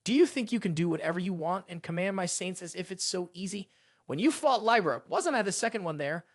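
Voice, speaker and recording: A man voicing a proud, furious male sun god who rants indignantly in a high, lively voice. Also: brisk, dry recording, studio quality. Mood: angry. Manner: indignant, ranting.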